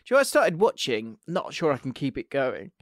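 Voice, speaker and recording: A man's voice: medium pitch, wildly swooping pitch, brisk, a bit bright, no echo, clean studio sound. A man co-hosting a casual football podcast, jokey and playful, often trailing off into laughter. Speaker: podcast co-host.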